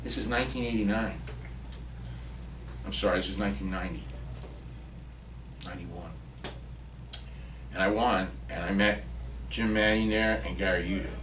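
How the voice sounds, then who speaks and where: A man in his fifties from Pennsylvania, a podcast guest, telling casual anecdotes in a lively way with the odd swear word. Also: sits low, normal speed, long pauses, noisy background. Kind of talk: casual storytelling. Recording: roomy and distant from the mic.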